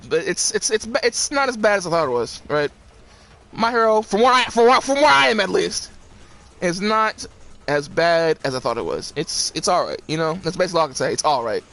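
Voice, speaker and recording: High-pitched, animated, swearing man. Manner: profane, laughing, animated. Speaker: video creator. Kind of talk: casual rant.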